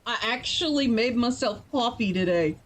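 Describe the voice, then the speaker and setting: Getting ready to write, a weary woman keeps up lively, playful banter with her live-stream audience. Her voice is on the high side, and she's quick to break into laughter.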